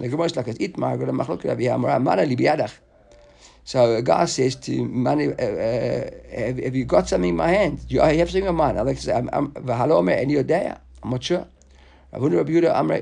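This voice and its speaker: A man teaches a Talmud class in a relaxed, conversational way. His voice is gravelly and a little husky, and he restarts and repeats words as he works through the text. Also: medium pitch. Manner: casual, repeats words while thinking aloud.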